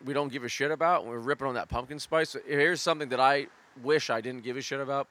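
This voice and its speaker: A man co-hosting a casual comedy podcast, riffing loudly with silly put-on voices and bursts of shouting. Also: medium pitch, steady tone, quick pace. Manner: loud playful voices and meowing bits, bursts of shouting. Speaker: podcast co-host.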